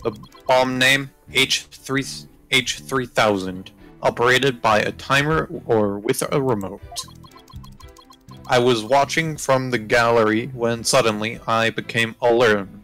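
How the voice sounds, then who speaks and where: A man voicing a stiff male bomb-squad witness, reading in a flat, clipped robotic way. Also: medium pitch, measured pace, faint music behind, poor audio. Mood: deadpan. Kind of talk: reading a game script aloud.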